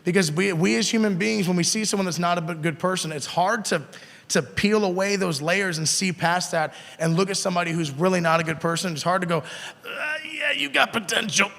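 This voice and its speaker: Guy youth pastor, kinda high voice, chatty sermon w lots of questions, big echoey room. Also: fairly even intonation, a little fast, vocal fry, fairly bright tone. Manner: conversational, asks the kids questions. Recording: long hall reverb.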